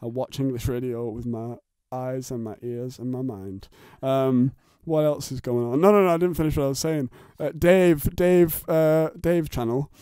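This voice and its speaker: A man's voice: medium pitch, fairly even intonation, normal speed, hardly any pauses, warm tone, smooth, dry recording, clean studio sound. A man hosting a podcast from his bedroom, chatting in a rambling, jokey and crude way and laughing often. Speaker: podcast host. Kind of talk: casual chat. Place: bedroom at home.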